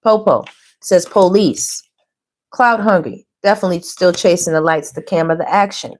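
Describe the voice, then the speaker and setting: Talking at a normal speed in a lowish voice, a middle-aged woman reads tarot for her viewers. She's casual, animated, and chatty, laughs frequently, and calls her listeners baby and girl.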